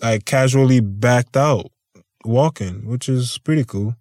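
Laid-back, slow-talking man. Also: medium pitch, darkish tone, dry recording, studio quality. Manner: laid-back, rambling, swears freely, laughs often. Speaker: podcast host. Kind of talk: casual storytelling chat.

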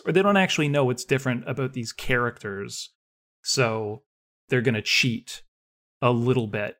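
A man's voice: medium pitch, a bit bright. A man co-hosting a podcast, chatting casually and ranting with animation about writing, laughing often. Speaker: podcast co-host.

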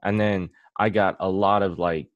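A man's voice: deep voice, fairly even intonation, normal speed, no room sound, lo-fi sound. A man interviewing a guest and giving brief reactions. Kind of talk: conversational interview.

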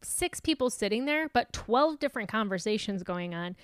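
A woman co-hosting a podcast, her voice at a middle pitch. She talks in a chatty, teasing way and laughs easily. The recording is dry and close. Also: animated, moderate pace, clean tone, no echo. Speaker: podcast co-host. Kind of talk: casual chat.

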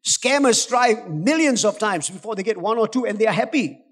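A high-pitched male pastor preaches with urgency, swinging between coaxing lows and near-shouted peaks. His voice rings through a church hall with a long, lingering reverb. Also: expressive, a little fast. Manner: urgent, exhorting, rising to shouts, coaxing the congregation. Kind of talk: sermon.

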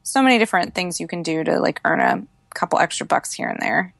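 A woman's voice: lowish voice, expressive, quick pace, gravelly, fairly bright tone, no echo, studio quality. A woman guest on a podcast in a casual chat, talking earnestly with filler words like "like".

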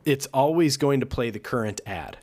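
A man in the middle of a laid-back podcast conversation, his voice sitting at an ordinary pitch. He wanders through his thoughts, hesitating, restarting and leaning on fillers as he goes. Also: animated, normal speed, a little mellow. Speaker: podcast co-host. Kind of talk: casual chat.

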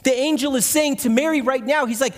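Guy preaching at church, really high voice, lots of hall echo, chatty, keeps asking the crowd stuff. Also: fairly quick. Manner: conversational preaching, asks the congregation questions. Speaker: guest speaker. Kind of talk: sermon. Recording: long hall reverb.

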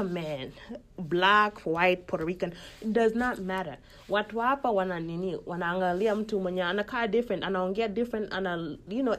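A young woman with a Kenyan accent, talking candidly in a casual podcast monologue and switching freely between Swahili and English. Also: lowish voice.

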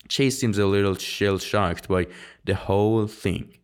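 Slow, low-voiced man reading a novel aloud. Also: fairly even intonation, clear, resonant tone. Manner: halting, frequent slips and restarts. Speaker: audiobook reader. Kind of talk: amateur audiobook reading.

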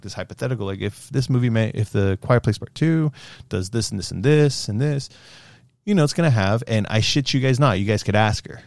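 A young man casually reviewing a movie, rambling and animated, with fillers and swearing. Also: on the low side, dry recording, clean studio sound.

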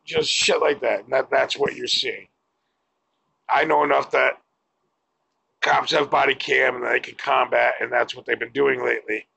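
A man's voice: mid-range voice, steady tone, normal speed, vocal fry, pauses often, pushed and bright, husky, lo-fi sound. A man giving a blunt, profane opinion rant to camera as a vlogger.

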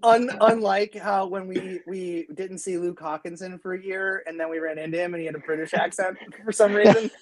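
A man's voice: high-pitched, steady tone, fairly quick, hardly any pauses, a crowd in the background. A man co-hosting a podcast, joking in laid-back banter. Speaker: podcast co-host. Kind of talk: casual podcast chat.

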